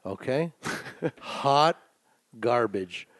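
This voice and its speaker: A man co-hosting a casual sports betting podcast, swearing and emphatic, swinging between low mutters and excited outbursts. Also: drawn-out words, dry recording, clean studio sound. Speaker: podcast co-host.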